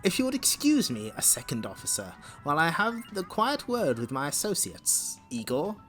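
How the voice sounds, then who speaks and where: A man's voice: on the high side, wildly swooping pitch, normal speed, a bit bright, soft background music, pitched above the performer's own voice. A man voicing a pompous male mad scientist who speaks in a theatrical, grandiose way. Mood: scheming.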